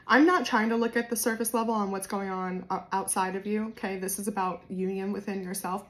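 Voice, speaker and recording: Chatty woman with a Jersey accent. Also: medium pitch. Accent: New Jersey. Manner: chatty and spontaneous, with many fillers and sudden swings between soft and loud. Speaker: tarot reader. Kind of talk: casual tarot reading to camera.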